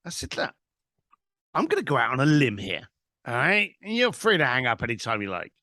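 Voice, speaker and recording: A man's voice: mid-range voice, a little fast, no echo. Guy telling a story on a podcast, voice bounces all over, acts out the calls, dry close mic. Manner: animated anecdote teller, acts out both sides of phone calls. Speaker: guest, author. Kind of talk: storytelling interview.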